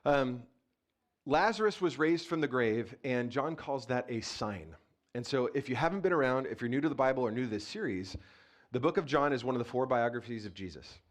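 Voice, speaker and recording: A man's voice: mid-range voice, expressive, brisk. A man preaching a casual, conversational sermon as pastor, playful and chatty, often asking the congregation questions, speaking into a handheld mic in a church. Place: church sanctuary.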